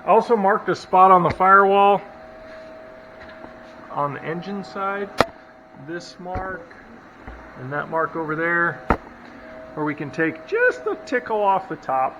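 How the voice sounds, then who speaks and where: A man's voice: sits high, big pitch swings, measured pace, pauses often. A man hosting a shop vlog, chatting casually and joking at himself as he works out a build step by step. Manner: chatty, self-deprecating, thinks out loud. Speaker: hot rod builder and channel host. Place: home workshop, hot day. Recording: muffled audio, faint shop noise.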